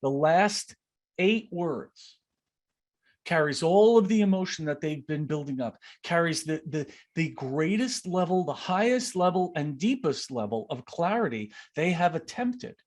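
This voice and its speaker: Animated male leadership coach. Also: on the high side, unhurried. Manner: animated, acts out quoted speech. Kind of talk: online masterclass Q&A. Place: video call.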